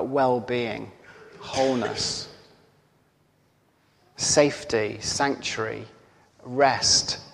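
A man preaching a sermon, telling a story slowly and earnestly, sometimes dropping to near-whispers. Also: medium pitch, creaky. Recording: long hall reverb.

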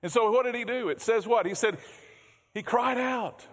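A man's voice: very high-pitched, normal speed. A man preaching a sermon as pastor in a church, conversational, often repeating words and asking the congregation questions. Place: church sanctuary. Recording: long hall reverb.

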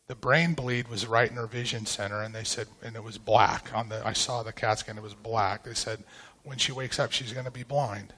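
A middle-aged pastor recounts a family ordeal in a sermon. He speaks haltingly, restarting sentences as the emotion catches him. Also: mid-range voice, pushed and bright, slightly rough. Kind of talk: personal testimony in a sermon.

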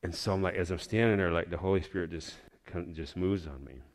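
Man, preacher, testimony storytelling, lowish voice, animated then hushed. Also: fairly quick.

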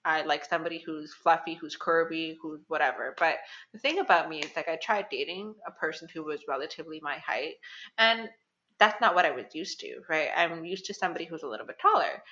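A young woman co-hosting a podcast in casual chat, animated and laughing, with lots of fillers. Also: deep voice, a little fast, muffled recording. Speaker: podcast co-host.

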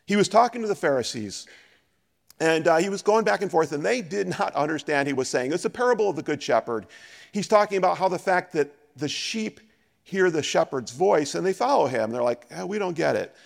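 Animated, high-voiced preacher in a hall. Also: male voice, a little fast, vocal fry. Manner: animated, acts out scripture dialogue. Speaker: pastor. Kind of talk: sermon.

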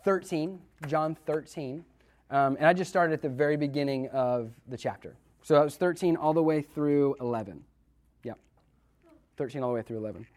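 Animated man teaching a Bible passage. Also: a little high, normal speed. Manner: animated, acts out characters, asks the group questions. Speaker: youth leader. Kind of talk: casual Bible teaching to a group.

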